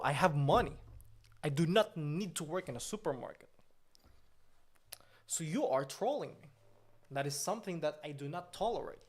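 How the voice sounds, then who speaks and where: Guy playing a snooty boss ceo, easily offended, brags a lot, bit higher pitched. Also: a little mellow. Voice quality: indignant, repetitive, grandiose. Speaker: livestreamer. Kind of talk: comedic in-character livestream.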